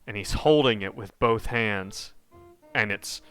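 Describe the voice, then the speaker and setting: A man acting as game master narrates a horror tabletop game in a halting way, full of fillers, often dropping to a hush. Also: fairly low pitch, soft background music.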